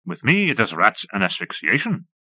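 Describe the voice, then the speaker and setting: A man's voice: on the low side, huge pitch swings, normal speed, bright, forceful tone, no room sound, full character voice. A man reading a tired, discouraged old professor. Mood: disgusted. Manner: tired, mumbling, resigned. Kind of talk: audiobook character voice. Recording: dull dry old cassette recording.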